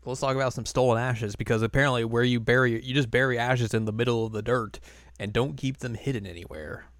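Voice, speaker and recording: A man with a middle-pitched voice hosts a podcast in easy, joking chat, now and then sliding into goofy character voices. His voice sounds dry and close, with no room sound at all. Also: fast, no echo. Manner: jokey, puts on silly voices for characters. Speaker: podcast host. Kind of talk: casual chat.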